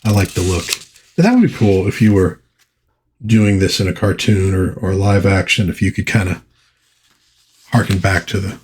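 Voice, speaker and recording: Husky-voiced man chatting about comics. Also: low voice, normal speed, long pauses, a little mellow. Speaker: comic book vlogger. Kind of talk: casual comic book commentary.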